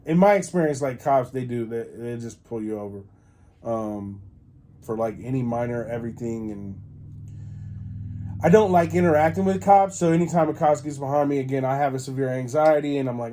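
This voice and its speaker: A man's voice: mid-range voice, a little fast, mellow. A man hosting a podcast, telling a rambling story with many fillers and restarts. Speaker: podcast host. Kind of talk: casual storytelling.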